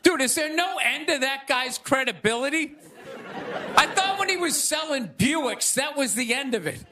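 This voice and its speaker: A man hosting a comedy show, delivering a rambling stand-up monologue with exasperated loud bursts. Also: very high voice, animated, normal speed. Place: stage before a live audience. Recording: live show with crowd laughter.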